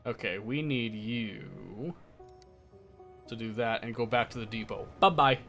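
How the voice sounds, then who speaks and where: A man's voice: mid-range voice, unhurried, sharp tone, faint music behind. A young man live-streaming a game, chatting casually with his viewers in a playful, teasing, mock-defensive way. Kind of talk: casual live-stream chat while gaming.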